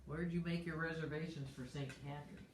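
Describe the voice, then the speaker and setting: A woman's voice: low voice, steady tone, a little fast, a little hiss or hum. A woman pastor co-hosting a casual church livestream, chatting and eating on air. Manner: chatty, talks while eating. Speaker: pastor and co-host. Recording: echoey room, mic far off.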